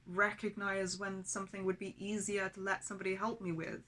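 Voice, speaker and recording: A woman's voice: mid-range voice, bright, forceful tone. A woman in an emotional personal vlog who talks angrily, swears heavily and speaks of herself as "we". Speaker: vlogger.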